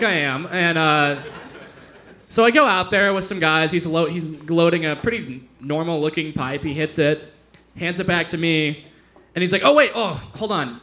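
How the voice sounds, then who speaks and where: A young male comic works a club stage on a handheld mic, his voice pitched high and bright with a forceful edge. He rambles loosely between bits and keeps bursting into loud, silly impressions. Laughter from the room sits behind him. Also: a little hiss or hum. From Denver, Colorado. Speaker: stand-up comedian hosting. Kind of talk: stand-up comedy set.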